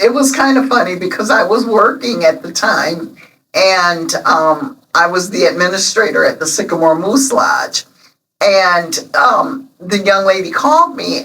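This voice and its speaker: A woman in her seventies, guest on an interview, telling stories warmly and emotionally with many pauses. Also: on the low side, recorded from a distance, rough recording. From Illinois, USA. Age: 70s. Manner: emotional, storytelling, many ums. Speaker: interview guest, local alderman. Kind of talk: casual interview chat.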